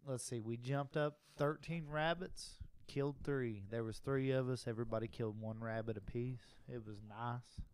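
A man's voice: mid-range voice, steady tone, moderate pace, hardly any pauses, darkish tone, a little hiss or hum. A man with a Southern US accent, co-hosting a casual podcast in a blunt, joking, drawling way. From Southern United States. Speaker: podcast co-host.

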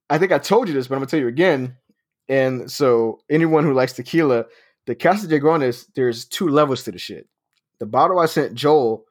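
Laughing profane man telling stories. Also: mid-range voice. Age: 30s. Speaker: storyteller. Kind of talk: casual chat.

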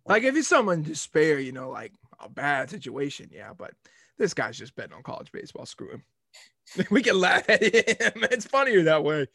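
A young man hosting a sports podcast, telling a rambling, animated story in casual talk. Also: on the high side, normal speed, gravelly, no room sound, clean studio sound.

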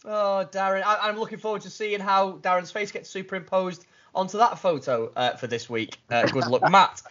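A man's voice: high voice, moderate pace, fairly bright tone, dull audio. A man hosting a casual podcast, jokey and enthusiastic, with big bursts of laughter. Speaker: podcast host.

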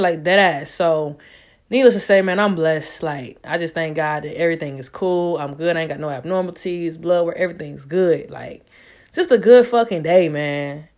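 A young adult woman hosting her own podcast, talking casually in a loose, profane, slang-heavy way, as if at home. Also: medium pitch. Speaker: podcast host. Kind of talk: casual solo podcast chat.

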